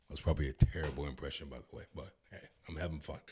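A man's voice: sits low, big pitch swings, fast talker, hardly any pauses, darkish tone, husky, faint music behind. A man filming a comedic reaction vlog, joking and swearing as he tries a language app. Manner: jokey, swears, bursts into mock announcer voice.

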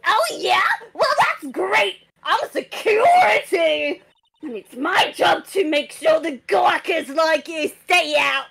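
A shrill screeching old security guard. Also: female voice, very animated, fairly bright tone, raised voice, exaggerated voice. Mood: scolding. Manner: rapid-fire scolding rants. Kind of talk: voice-acting a game script on a livestream.

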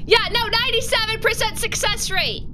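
A woman streaming a game live, chatting with viewers in an animated, jokey way with sudden yelps. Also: very high voice, brisk. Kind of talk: live gaming stream chat. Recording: noisy background.

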